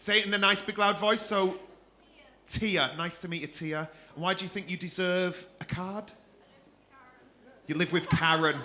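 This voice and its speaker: Compere, male, high and bright voice, crude crowd work on a club stage. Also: a little hiss or hum. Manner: swearing, teasing audience members.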